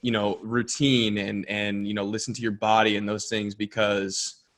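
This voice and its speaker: A young man, a baseball pitcher co-hosting, talking earnestly and reflectively in casual chat. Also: level tone, normal speed, fairly bright tone. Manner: reflective, earnest, builds energy when making a point.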